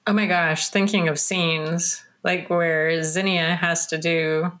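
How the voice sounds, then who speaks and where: A woman's voice: fairly low pitch, little pitch movement, slow pace, a bit bright, slight background noise. A woman voice actor guest on a podcast, giggly and chiming in with short remarks. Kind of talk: casual podcast chat.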